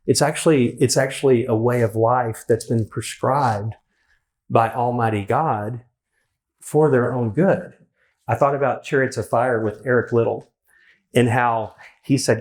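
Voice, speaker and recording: A man's voice: mid-range voice, fairly even intonation, unhurried, darkish tone. A man hosting a live onstage conversation, talking in a rambling way and correcting himself as he goes. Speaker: host, interviewer. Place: event hall with audience.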